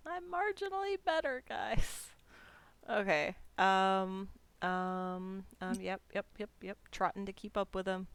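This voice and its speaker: A woman's voice: mid-range voice, flat delivery, slow, vocal fry, clear, resonant tone, no room sound. A woman playing a tabletop game, confused at times, swearing and muttering her dice math. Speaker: player. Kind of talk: casual tabletop play.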